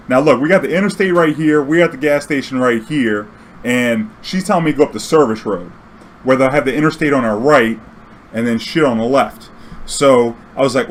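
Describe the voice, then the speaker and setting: A man from Louisiana telling a long cab story in a profane, animated way, acting out the dialogue. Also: mid-range voice, brisk, slight background noise. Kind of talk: casual storytelling.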